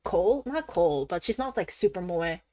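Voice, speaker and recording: A woman streamer chatting casually during a game, rambling and animated, laughing often and swearing freely. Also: lowish voice, normal speed. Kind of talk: casual gaming-stream chat.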